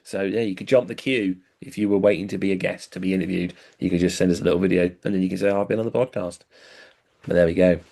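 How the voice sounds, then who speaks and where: A man's voice: low-pitched, flat delivery, racing, vocal fry, few pauses, darkish tone. A man co-hosting a hobby podcast, reading out event listings with dry, rambling jokes. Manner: dry, jokey, rambling asides. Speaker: podcast co-host.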